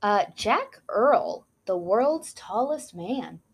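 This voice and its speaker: A woman's voice: mid-range voice, very animated, extremely slow, slightly rough. A woman co-hosting a casual chat, reading out history notes with frequent asides and apologies for mispronounced names. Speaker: podcast co-host.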